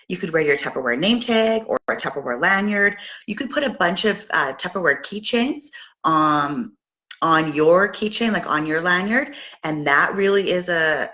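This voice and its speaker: A middle-aged woman from Canada coaching her sales team in an upbeat, casual talk. Her voice sits low but sounds bright and forceful. She stops and restarts often and fills pauses with ums. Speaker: direct sales team leader.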